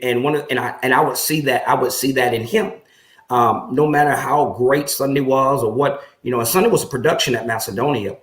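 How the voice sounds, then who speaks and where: Recorded in an echoey room, a pastor tells his story in an interview, speaking at medium pitch. He's earnest and reflective, growing lively when he recounts conversations.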